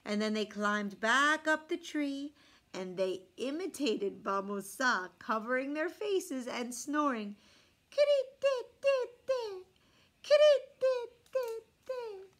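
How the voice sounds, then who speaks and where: Woman reading a picture book aloud, lively. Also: a little high, takes it slowly. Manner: expressive reading with hushed asides about the pictures. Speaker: storyteller.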